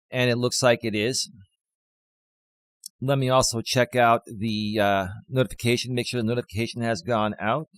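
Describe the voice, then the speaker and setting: A man hosting a life coaching live stream, speaking with a slight cold and a little out of breath, repeating his main points slowly for emphasis. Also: on the low side, dry recording. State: has a cold, a bit out of breath.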